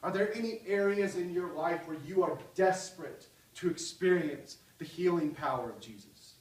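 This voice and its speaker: Impassioned pastor in an echoey hall. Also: male voice, fairly high pitch, moderate pace, distant mic. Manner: impassioned, swinging from loud cries to soft pleading. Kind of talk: sermon.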